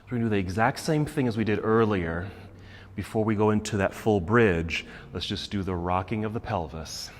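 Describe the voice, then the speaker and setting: A man leading a guided yoga class, giving calm, encouraging cues about posture and breathing. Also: lowish voice, moderate pace, long reverb tail, a little hiss or hum. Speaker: yoga instructor. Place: yoga studio.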